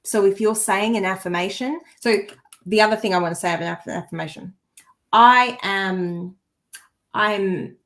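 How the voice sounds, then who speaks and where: A woman's voice: mid-range voice, normal speed, a bit bright. Earnest woman co-host, heartfelt coaching. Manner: restarts sentences while searching for words. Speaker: co-host and energy healer. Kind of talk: casual podcast chat.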